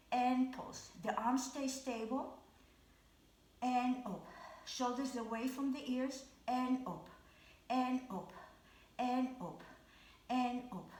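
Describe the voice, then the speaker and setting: A woman leading a Pilates class at home, cueing each movement with calm, repeated counts. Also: fairly high pitch, roomy sound. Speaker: Pilates instructor. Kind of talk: live exercise class instruction.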